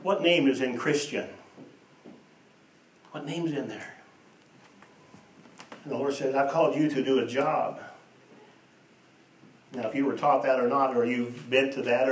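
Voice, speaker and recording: A man preaching a sermon, telling stories and moving between hushed and emphatic delivery. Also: mid-range voice, little pitch movement, normal speed, pauses often, slight background noise. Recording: echoey room, voice from a distance.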